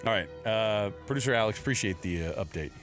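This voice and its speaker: A man's voice: lowish voice, expressive, fast, a bit bright, soft background music. A man hosting a casual sports talk radio show in a studio, joking and playful. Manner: joking, playful, does voices.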